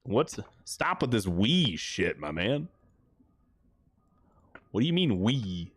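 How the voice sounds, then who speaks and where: A man's voice: on the low side, very animated, slow, slightly rough, no room sound, heavily acted. A man voicing a snarky, defensive companion in a medieval game, crude and dismissive.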